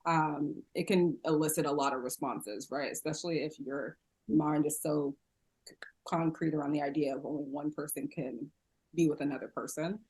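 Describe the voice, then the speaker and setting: A woman's voice: deep voice, fairly even intonation, normal speed, darkish tone, slightly rough. A woman from San Diego, a podcast guest, talking casually and openly with frequent laughs and fillers. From San Diego, USA. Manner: chatty, laughs often, many fillers. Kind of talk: casual interview conversation.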